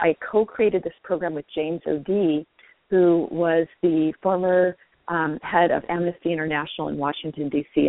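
A woman guest on a radio show, telling a personal story in an earnest, animated way with frequent restarts. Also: low voice, no room sound. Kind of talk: casual interview storytelling. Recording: tinny phone line.

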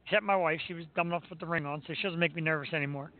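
A high-pitched man chatting casually as a radio host, spinning lively anecdotes. His voice comes through a thin, phone-like band. He keeps the banter quick and playful. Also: no room sound. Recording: tinny phone-like line.

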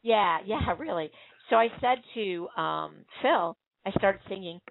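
Heard through a tinny phone line with a bit of hiss or hum, a woman hosts a casual podcast and wanders through her stories with many fillers and restarts. Her medium-pitched voice is creaky and lively, moving a little slowly.

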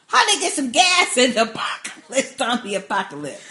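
A woman co-hosting a podcast in casual chat about a TV episode, quick to agree and chiming in with short replies. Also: on the high side, wildly swooping pitch, sharp tone. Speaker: podcast co-host.

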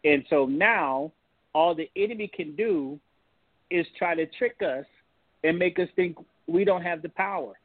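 A man, a pastor, telling a personal story on a call-in talk show in an animated, folksy way. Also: on the high side, measured pace, dry recording. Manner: animated, folksy storytelling with Southern turns of phrase. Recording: tinny phone-line audio, dry.

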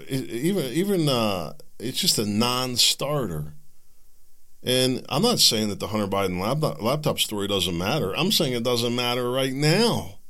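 A man hosting a podcast, giving a political commentary monologue in an animated way, worked up and sarcastic, jittery from coffee. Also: on the low side. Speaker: podcast host.

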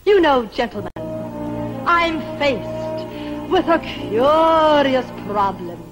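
A gushing, grandiose movie-star diva. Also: female voice, high voice, exaggerated voice, poor audio. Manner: grandiose, breathless, melodramatic gushing. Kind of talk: 1940s film musical acting.

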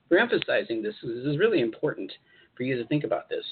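A man hosting a spiritual advice show, speaking in an encouraging, repetitive way and pausing to comment as he reads articles aloud. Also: medium pitch, big pitch swings, a little hiss or hum. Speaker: host channeling spirit guides. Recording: tinny phone-like audio.

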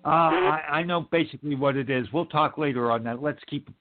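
A man's voice: a little high, a little fast. Podcast host, male, emphatic and profane, stammery; tinny call audio. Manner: emphatic, swears, stammers on repeats. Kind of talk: casual chat. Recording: tinny phone-like line.

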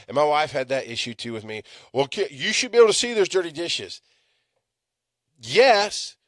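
A middle-aged man hosting a live podcast, ranting with lots of swearing, swinging from loud outbursts to low mutters. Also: no echo, clean studio sound. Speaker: podcast host.

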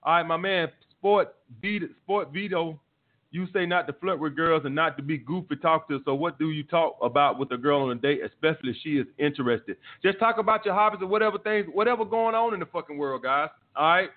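Man, high voice, blunt and swearing, dating advice host, phone-like sound. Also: fast talker, few pauses. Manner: blunt, profane, repetitive. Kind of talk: live call-in show, answering listener messages. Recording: tinny phone-like line.

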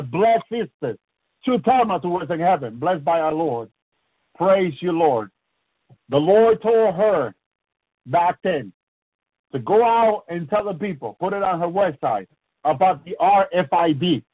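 A man preaches a fervent, repetitive sermon in a husky, high-pitched voice. He keeps circling back to prayerful refrains, and the sound is dry and narrow, like a phone line on the radio. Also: dry recording. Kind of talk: impassioned sermon on a radio program.

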